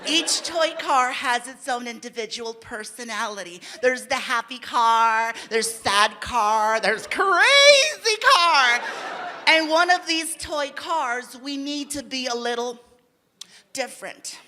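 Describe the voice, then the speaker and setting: A man's voice: very high voice, expressive, slow, a little hiss or hum, full character voice. Man doing a chirpy female cartoon director. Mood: briskly chipper. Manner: chirpy, businesslike coaxing.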